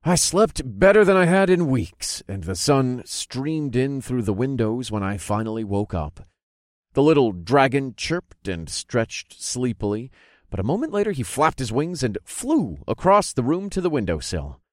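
A man narrating a first-person fantasy audiobook with an expressive storytelling delivery. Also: mid-range voice, measured pace, no room sound, clean studio sound.

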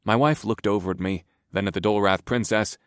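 A man narrates a first-person fantasy audiobook in a low voice, telling the story steadily and evenly. His pace is brisk and his delivery smooth, recorded close and dry with no room sound.

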